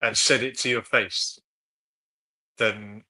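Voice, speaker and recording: Bright-voiced man hosting a live stream. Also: fairly low pitch, fairly even intonation, takes it slowly, slightly rough. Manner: chatty, reads out viewer comments, asks follow-ups. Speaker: co-host of a live discussion stream. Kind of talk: casual live-stream chat, reading viewer comments.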